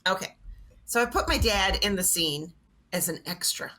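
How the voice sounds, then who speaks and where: Brief: bright, lively woman comic storyteller, swings her pitch around acting out lines. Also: normal speed. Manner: animated, acts out quotes in voices. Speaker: guest comedian.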